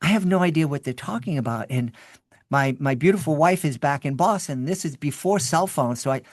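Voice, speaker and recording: A man telling stories as a podcast guest, animated, often restarting and repeating words. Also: on the high side, brisk, no echo, clean studio sound. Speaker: podcast guest, children's podcast creator. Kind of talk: storytelling in an interview.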